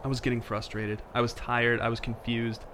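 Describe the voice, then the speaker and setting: An actor playing a tired, frightened young father who narrates a horror story in first person, tense and hushed. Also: mid-range voice, completely flat delivery, normal speed, a little hiss or hum, natural voice. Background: music.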